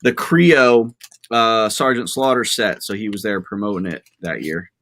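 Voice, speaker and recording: A man chatting casually as a guest, relaxed and telling a story with fillers. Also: lowish voice, unhurried. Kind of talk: casual chat.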